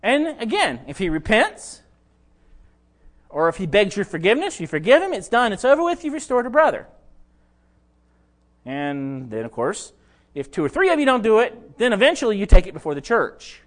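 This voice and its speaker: A man's voice: high-pitched, wildly swooping pitch, normal speed, pauses often. A pastor preaching a sermon, talking conversationally and addressing his listeners directly.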